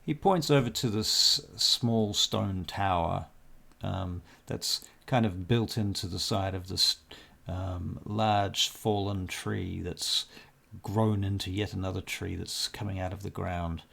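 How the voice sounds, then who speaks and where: A man narrating as dungeon master, describing scenes in an unhurried way with many pauses. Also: sits low, fairly even intonation, gravelly, fairly bright tone. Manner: unhurried, hesitant with fillers. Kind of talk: narrating a tabletop game.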